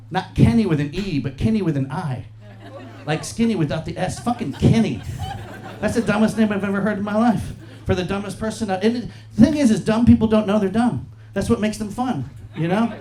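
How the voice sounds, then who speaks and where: A man in his forties works a club crowd with a profane, animated stand-up set. His voice sits high for a man and leaps all over as he acts out the people in his stories. The live audience laughs loudly around him. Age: 40s. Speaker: stand-up comedian. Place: comedy club stage.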